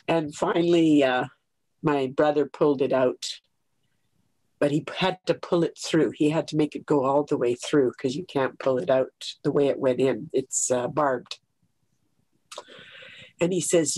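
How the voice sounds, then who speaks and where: A woman's voice: deep voice, animated, unhurried, darkish tone, husky, no room sound. An older woman giving a lighthearted storytelling lecture, often laughing as she talks.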